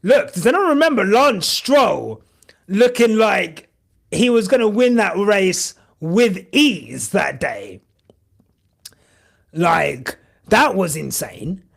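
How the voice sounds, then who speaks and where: A man's voice: sits high, lively intonation, slow pace, vocal fry, fairly bright tone. A young man hosting a live stream, chatting casually and emotionally in a rambling way with lots of fillers. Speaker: podcast host streaming live.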